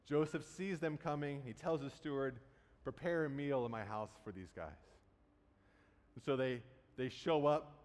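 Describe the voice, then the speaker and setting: A man's voice: medium pitch, normal speed, darkish tone. A man preaching a sermon, retelling a Bible story in a conversational way and casually acting out the quotes. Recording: long hall reverb.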